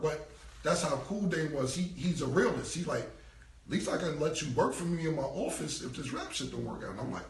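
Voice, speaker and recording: A man's voice: a little high, animated, fairly quick. A man telling a long, profane story on a phone livestream, loose and casual, acting out the people in it. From New York. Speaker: rapper telling stories on a livestream. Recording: roomy, distant phone audio with faint noise.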